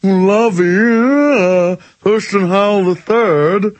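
A man voicing a snooty, polished big-city man with a mocking, drawn-out posh delivery. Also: high voice.

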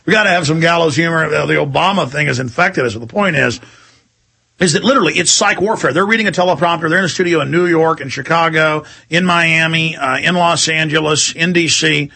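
A middle-aged man hosts a heated talk radio show. His voice is husky and gravelly but bright and forceful, and he rambles, repeats himself and slips into mocking impressions. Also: on the high side, brisk.

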